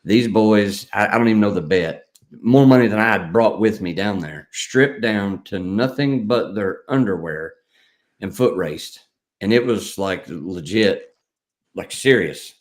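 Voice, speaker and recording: A man hosting a casual live stream, joking around, rambling and reading viewer comments out loud. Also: lowish voice, measured pace.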